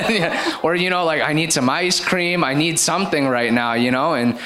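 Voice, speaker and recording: A man with a bright, forward voice shares a faith testimony with a church group. He talks in a loose, animated way, full of "you know, like," and laughs easily as his pitch climbs when he gets excited. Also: normal speed, few pauses, a little hiss or hum. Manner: animated, laughing, filler-heavy. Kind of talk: casual testimony sharing.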